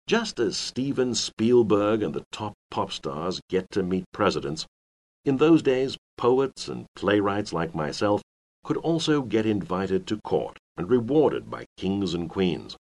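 A reflective older playwright from the Elizabethan stage reminisces in a measured first-person voice, acted by a man. The voice sits very low yet moves with lively rises and falls. It is paced evenly for a scripted listening exercise. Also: heavily acted. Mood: reminiscing. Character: older male Elizabethan playwright looking back.

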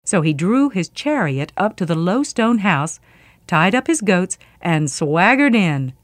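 A woman reading a myth aloud as a storyteller, expressive and vivid. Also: on the low side, unhurried, dry recording, clean studio sound.

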